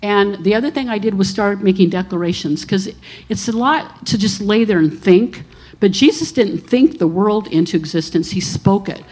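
A woman's voice: mid-range voice, moderate pace, darkish tone, husky. A woman in her sixties, a minister, giving an earnest testimony to a church congregation and telling stories along the way. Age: 60s.

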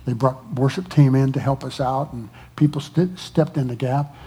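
A pastor speaking to his congregation, exhorting people not to go through hard times alone and pausing often with fillers. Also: mid-range voice, steady tone, warm tone, husky. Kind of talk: testimony to a church congregation.

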